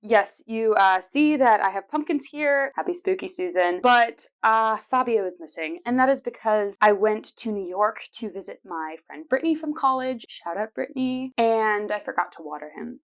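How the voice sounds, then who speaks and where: A woman's voice: mid-range voice, expressive, moderate pace, hardly any pauses. A woman in her twenties, hosting her own show and playfully telling personal stories with frequent laughs. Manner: chatty and playful, laughs often. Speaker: podcast host. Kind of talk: casual personal storytelling.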